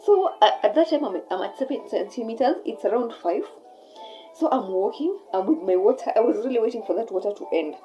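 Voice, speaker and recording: A young woman with a Kenyan accent telling a personal story in a casual, animated way, switching between English and Swahili mid-sentence. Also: a little high, a little fast, faint music behind, rough recording. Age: young adult. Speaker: vlogger.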